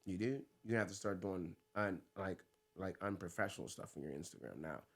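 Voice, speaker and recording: A man's voice: sits low, a little fast, fairly bright tone. A man from the United States, a fighter co-hosting a podcast, chatting casually with loose, laughing, swearing banter.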